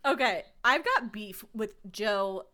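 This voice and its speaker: A woman's voice: mid-range voice, animated, slow pace, bright, forceful tone. A woman co-hosting a casual podcast, giggly and gossipy, with frequent swearing. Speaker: podcast co-host. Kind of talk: casual chat.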